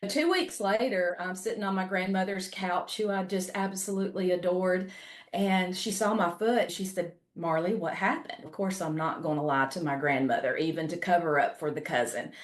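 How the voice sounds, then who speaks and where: A woman's voice: fairly low pitch, normal speed, reverberant. A woman in her forties from South Carolina with a Southern drawl, telling a personal story in a folksy, homespun way as a guest speaker. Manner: folksy, storytelling, says y'all. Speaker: guest speaker, ministry leader. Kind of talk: webinar talk with personal story.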